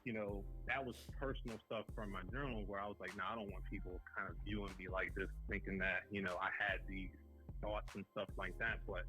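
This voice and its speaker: A young man speaking as a podcast guest, earnest and halting, with many fillers and restarts. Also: on the low side, steady tone, pushed and bright, soft background music, rough recording. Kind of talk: conversational interview.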